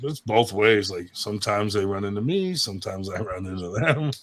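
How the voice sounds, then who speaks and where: A man's voice: on the low side, normal speed, noisy background. A married man telling wild stories in casual chat on a show, swearing often and laughing at his own tales. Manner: crude, profane, laughing storyteller. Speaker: show regular.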